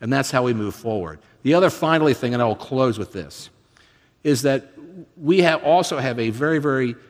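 Lively in intonation and a little fast, this medium-pitched man in his fifties preaches as a guest. His sermon is conversational storytelling laced with self-deprecating humor, recorded in a reverberant hall.

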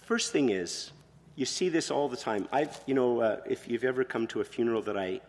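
A man preaching a sermon as pastor, expressive, moving between quiet, soft passages and loud emphatic ones. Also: mid-range voice, brisk, long reverb tail.

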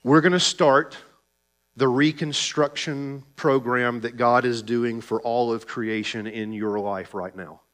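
A man preaching a sermon as pastor, animated and sarcastic at times, talking straight to the congregation and swinging from quiet low lines to loud emphatic ones. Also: unhurried, few pauses. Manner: sarcastic asides, talks directly to congregation.

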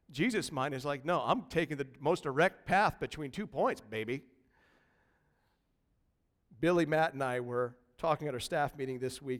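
A man preaching a lively, conversational sermon in a church, swinging from quiet asides to loud bursts. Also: a little high. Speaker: pastor. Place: church sanctuary. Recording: long reverb of a large hall.

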